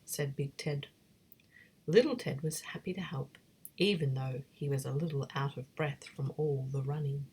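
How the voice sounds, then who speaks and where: Breathy whispering woman reading a bedtime story. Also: extremely low pitch, moderate pace, a little mellow.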